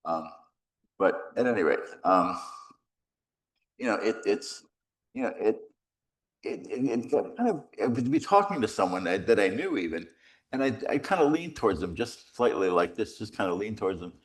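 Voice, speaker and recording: A middle-aged man, a priest, giving a rambling, animated retreat talk full of stories and self-deprecating humor. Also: lowish voice, moderate pace. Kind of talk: conversational retreat conference, storytelling.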